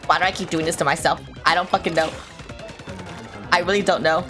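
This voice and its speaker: A woman's voice: low voice, steady tone, fairly quick, music in the background. A young woman streaming a video game, talking casually to her viewers and a friend, swearing often and teasing herself. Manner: blunt, swears often, self-mocking. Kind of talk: casual live-stream chatter.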